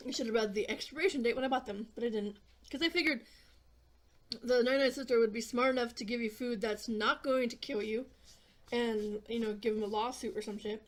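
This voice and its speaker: A woman's voice: on the high side, a little fast. A woman vlogger chatting casually on camera while eating snacks, rambling and offhand, with fillers and some swearing. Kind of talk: casual eating vlog chat.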